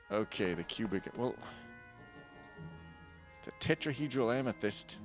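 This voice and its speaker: A man talks through a stealth game on a close mic, cracking jokes and rambling between loud bursts and low mutters. His voice sits at an ordinary mid pitch, with faint game music underneath. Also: lively intonation, slow. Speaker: gaming streamer. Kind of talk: casual let's-play commentary. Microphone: close desk mic.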